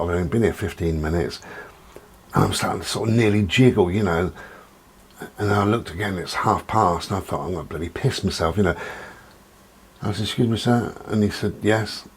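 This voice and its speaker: A man's voice: low-pitched, a little fast, slight background noise. A man talking frankly in a rambling personal monologue, swearing now and then. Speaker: vlogger.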